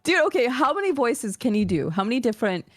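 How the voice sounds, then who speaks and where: A woman's voice: a little high, big pitch swings, fast talker, no echo, soft background music. A woman guest on a stream, chatting casually in a teasing, coy, playful way.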